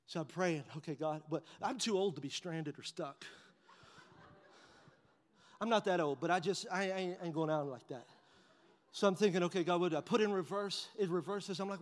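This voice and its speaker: A man preaching a sermon and telling a humorous story, animated and lively, dropping to hushed tones for his inner thoughts. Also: high-pitched, normal speed, pauses often. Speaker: pastor. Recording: long reverb of a large hall.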